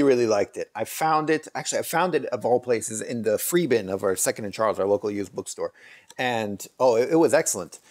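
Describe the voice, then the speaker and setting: Man rambling through book recommendations. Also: medium pitch. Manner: rambling, hesitant, many fillers and restarts. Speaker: channel host reviewing books. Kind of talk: casual book review vlog.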